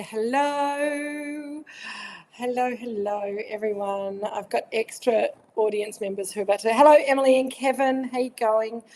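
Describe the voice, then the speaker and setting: A woman's voice: on the high side, a little mellow. An Australian woman hosting a live online wine tasting from home, chatting casually, greeting viewers by name with lots of fillers. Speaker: winemaker and host of a live virtual tasting. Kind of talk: casual live-stream chat.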